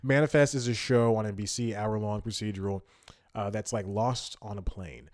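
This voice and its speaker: A man's voice: on the low side, moderate pace. A young man hosting a solo comedy podcast, telling a rambling story and often laughing mid-sentence, livening up when he acts out what people said. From Atlanta, United States. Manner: animated when acting out quotes. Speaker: podcast host.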